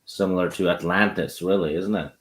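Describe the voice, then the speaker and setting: A man's voice: low-pitched, steady tone, brisk, fairly bright tone. A man co-hosting a casual chat, making brief, dry remarks from away from the microphone. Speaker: co-host.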